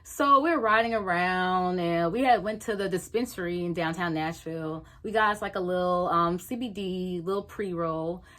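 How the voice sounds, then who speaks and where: A young woman vlogger telling a casual story, animated, swearing freely and acting out what people said. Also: fairly low pitch, moderate pace, hardly any pauses.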